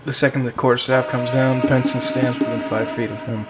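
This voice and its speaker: A man playing a tabletop game, quick with enthusiastic, excitable reactions. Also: medium pitch, heavy background noise. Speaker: player. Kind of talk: casual tabletop game play.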